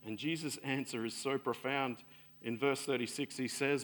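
A man preaching a sermon in an earnest way, swelling louder and then sinking soft and low. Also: fairly even intonation, normal speed.

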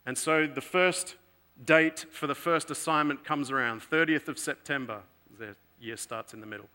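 A man preaching a sermon, telling a story in an earnest way that moves between emphatic and hushed. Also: medium pitch, moderate pace, clear, resonant tone.

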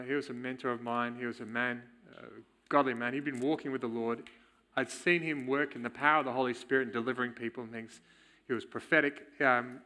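Male church speaker, candid testimony, forceful bright tone. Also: medium pitch. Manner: candid, storytelling, quick chuckles. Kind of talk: personal testimony in a sermon.

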